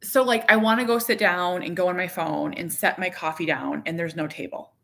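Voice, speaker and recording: A woman in her thirties chatting casually to her viewers from her living room, rambling and animated, with lots of "like". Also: on the low side, a little fast, gravelly. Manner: rambling, heavy use of "like"; candid, animated. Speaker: vlogger, parent.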